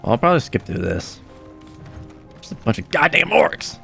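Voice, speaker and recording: Excitable young man with a gravelly voice. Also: mid-range voice, normal speed, faint music behind. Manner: excitable, laughs often, exclaims at the game. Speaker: let's play gamer. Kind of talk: casual gameplay commentary.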